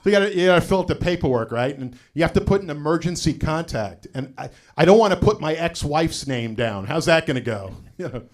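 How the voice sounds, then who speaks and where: A middle-aged stand-up comedian performs a live set, telling loose, conversational stories with deadpan punchlines and plenty of "you know" asides. His voice is a little high, and he talks fairly quickly with few pauses.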